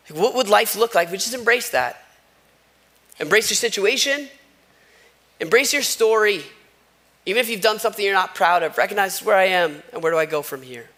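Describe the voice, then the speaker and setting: In a church sanctuary, a pastor wearing a wireless microphone preaches conversationally, telling stories sprinkled with asides. His voice is high with a sharp tone.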